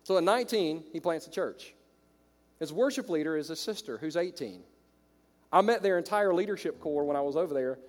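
A man with a Southern American accent preaching a sermon to his congregation, shifting from loud exclamations to quiet storytelling. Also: a little high, lively intonation, fairly quick. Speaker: pastor. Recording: long reverb of a large hall.

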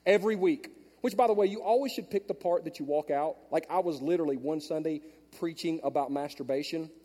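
A male pastor delivers a storytelling sermon in a high, lifted voice. He drops to hushed asides, then climbs to loud, emphatic peaks. The sound rings with the long reverb of a big church hall. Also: fairly quick. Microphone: handheld mic.

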